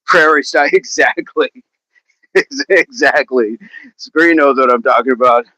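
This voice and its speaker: A man's voice: medium pitch, measured pace, bright, forceful tone, no room sound, rough recording. A man leading an outdoor workout livestream, joking with viewers and laughing often in casual chat. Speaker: fitness coach leading a live workout.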